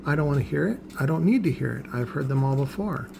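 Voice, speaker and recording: A man's voice: medium pitch, lively intonation, fast, creaky, background noise. An older man ranting bluntly and scornfully, swearing freely in a vlog. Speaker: car audio seller.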